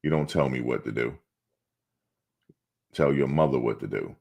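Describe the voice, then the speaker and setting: A man's voice: rumbling low, normal speed, creaky, darkish tone. A middle-aged man hosting a sports channel, chatting casually on a live stream and answering his chat in a blunt, streetwise way.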